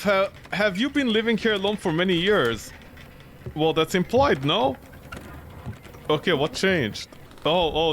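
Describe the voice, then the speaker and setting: Male let's-play streamer, high bright voice that swings a lot, jokey rambling, faint hum behind. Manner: jokey, rambling, talks back at the game. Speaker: game streamer.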